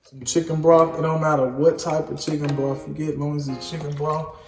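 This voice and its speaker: A man's voice: fairly high pitch, flat delivery, a little fast, darkish tone. A man, talking casually to viewers while cooking, joking and apologizing often. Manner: chatty, apologetic, addresses viewers as y'all. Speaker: home cook vlogger. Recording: echoey room with music behind.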